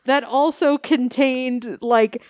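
US woman co-host, slightly high voice, giggly crude banter, dry close sound. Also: steady tone, slow, darkish tone, dry recording. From United States. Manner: laughing, crude banter with many "like" fillers. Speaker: podcast co-host. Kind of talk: casual podcast chat.

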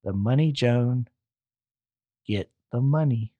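A man's voice: a little high, expressive, moderate pace, highs cut off, lightly acted. A man doing a cold, menacing husband.

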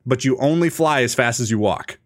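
A man's voice: medium pitch, brisk. A man co-hosting a casual chat, reading out questions in a playful, teasing way and laughing often.

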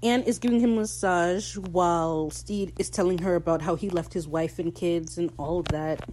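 Animated, slangy woman recapping a show. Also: on the low side, normal speed, poor audio. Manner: animated, slangy, swears freely; laughs while talking. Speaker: podcast host. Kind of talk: casual episode recap.

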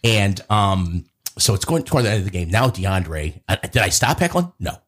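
Deep husky man. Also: normal speed. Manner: animated, acts out quotes in a raised voice. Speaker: podcast host telling a story. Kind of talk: casual storytelling chat.

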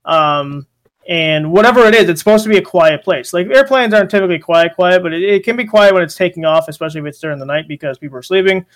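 Young man, high voice, casual podcast chat, rambling with fillers. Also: fast. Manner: rambling, lots of fillers and restarts. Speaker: podcast host.

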